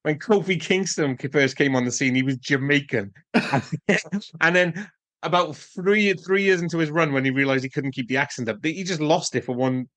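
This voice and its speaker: A man's voice: on the high side, normal speed, a bit bright, no echo. A man co-hosting a casual film podcast, speaking in an easygoing, meandering way with frequent chuckles. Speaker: podcast co-host.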